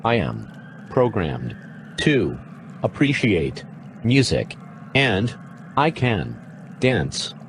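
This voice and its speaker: A weary male robot on a film set, speaking in slow, halting, mechanical phrases. His pitch still rises and falls widely despite the stiffness. A faint noise sits under the recording. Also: very animated, exaggerated voice. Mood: robotic. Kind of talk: audio drama acting.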